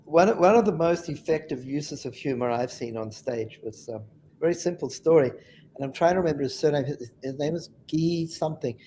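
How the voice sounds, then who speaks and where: Man, slightly higher voice, chatty storyteller, laughs at his own anecdotes, webinar panelist. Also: a little fast, mellow, a little hiss or hum.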